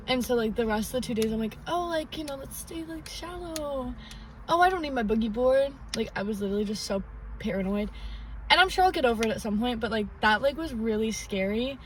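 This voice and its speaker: A woman's voice: fairly high pitch, far from the mic, rough recording. A young woman co-hosting a podcast, chatting casually and rambling with lots of "like". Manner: rambling, heavy use of "like". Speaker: podcast co-host. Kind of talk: casual chat. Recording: faint noise, a bit off-mic.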